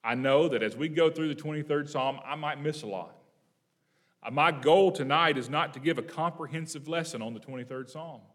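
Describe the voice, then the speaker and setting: A man preaching an evening Bible lesson, talking to the congregation in a relaxed, conversational way, asking them questions and reading verses slowly for emphasis. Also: on the high side. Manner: reads scripture slowly and emphatically.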